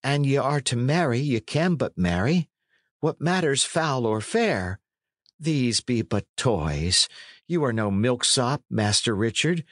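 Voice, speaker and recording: A man's voice: medium pitch, big pitch swings, takes it slowly, no room sound, clean studio sound, pitched above the performer's own voice. A man reading an audiobook, voicing a timid young male runaway who speaks earnest, anxious old-fashioned English. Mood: coaxing. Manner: earnest, anxious, archaic speech.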